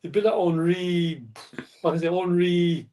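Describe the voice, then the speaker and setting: A man's voice: high-pitched, fairly even intonation, a little slow, dark tone. A man chatting as a fan panelist, rambling, often correcting himself and apologising. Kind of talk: casual chat. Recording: distant mic.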